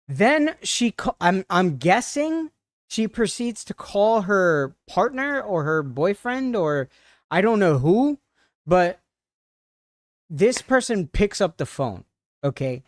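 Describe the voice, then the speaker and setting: Slow, halting male streamer. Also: high voice, big pitch swings, no echo, clean studio sound. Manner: halting, shaken, full of restarts. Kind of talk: casual storytelling on a livestream.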